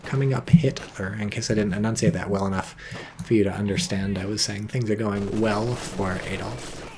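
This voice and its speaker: A man giving casual, profane, excitable commentary on a strategy game match, with wry asides. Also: fairly low pitch, moderate pace, background noise. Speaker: game caster.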